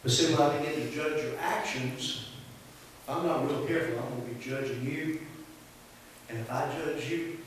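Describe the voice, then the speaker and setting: Southern male pastor, slightly high voice, chatty preaching style, recorded far off with faint hiss. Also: moderate pace, pauses often. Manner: folksy, conversational preaching with call-and-response. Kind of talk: sermon. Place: church sanctuary. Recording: echoey church hall from far off, faint hiss.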